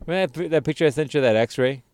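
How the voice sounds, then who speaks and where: A man's voice: fairly high pitch, racing, a little mellow, dry recording. A man co-hosting a crude, casual chat, swearing constantly and laughing at his own jokes. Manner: profane, joking, laughs often.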